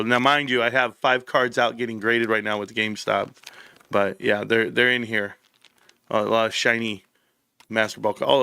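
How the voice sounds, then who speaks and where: A man hosting a casual stock-market livestream, chatty and mocking, his voice jumping high when he gets worked up. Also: vocal fry, no room sound. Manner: excitable, mocking, voice jumps high when riled. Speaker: livestream host.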